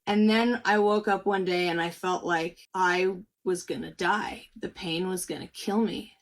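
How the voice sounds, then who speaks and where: A woman sharing personal experience in a panel chat in a reflective, thoughtful way. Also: medium pitch.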